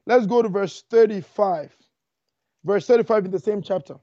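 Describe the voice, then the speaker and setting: A man preaching a fervent sermon, talking fast and repeating lines for emphasis. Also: high-pitched, dark tone, no echo. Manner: fast, rushing delivery. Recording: dull lo-fi dry recording.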